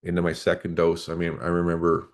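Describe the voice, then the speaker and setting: A man's voice: low-pitched, monotone, fast talker. A man in his forties, a former police officer, earnestly recounting an emotional personal story as a podcast guest.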